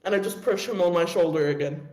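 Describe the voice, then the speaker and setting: A man's voice: sits high, fast, darkish tone. A man playing in a tabletop game, chatting casually and playfully, often giggling. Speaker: player. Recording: roomy echo.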